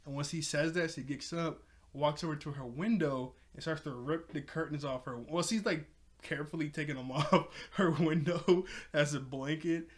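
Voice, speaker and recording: A man talks through a cartoon episode in a loose, rambling recap, often stopping to correct himself. His voice sits a little high, and his delivery stays offhand and easygoing. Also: moderate pace. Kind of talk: casual recap.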